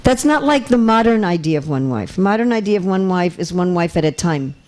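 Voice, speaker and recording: A woman's voice: on the low side, expressive, a little fast, a little mellow. A woman giving a religious lecture to a live audience in a temple hall, chatty and teasing, often checking that listeners follow. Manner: light teasing humor. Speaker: visiting speaker.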